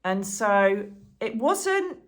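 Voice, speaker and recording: A woman chatting to camera as a channel host, excitable and rambling, full of asides and fillers. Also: mid-range voice, very slow. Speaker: psychic medium and channel host. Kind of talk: casual chat to camera.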